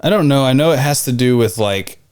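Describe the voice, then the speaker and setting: A man's voice: mid-range voice, expressive, a little fast, a little mellow, clean tone, no room sound, clean studio sound. A young man co-hosting a podcast, chatting in an easygoing, enthusiastic way. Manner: easygoing, enthusiastic fan talk. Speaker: podcast co-host. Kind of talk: casual chat.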